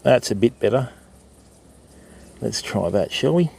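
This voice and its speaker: A man's voice: mid-range voice, expressive, a little slow, vocal fry, a little mellow, husky. An older Australian man chatting casually on a riverside fishing livestream, answering viewers and calling them mate and bud. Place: outdoors by a river.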